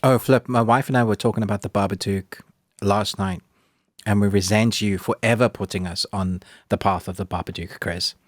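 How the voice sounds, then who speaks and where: A man hosting a casual podcast, chatty and quick to laugh, running a movie quote quiz. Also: no echo, studio quality. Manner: chatty, laughs easily, bursts into silly high voices when quoting. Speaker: podcast host.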